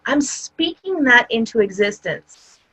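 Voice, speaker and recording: A woman's voice: fairly high pitch, very animated, measured pace, fairly bright tone, breathy edge, rough recording. A woman giving a conversational motivational talk, speaking directly to her audience in an upbeat way. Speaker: summit speaker.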